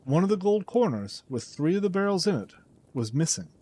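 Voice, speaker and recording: A man narrating a classic detective story as an audiobook, dramatic and expressive. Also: high voice, fairly quick.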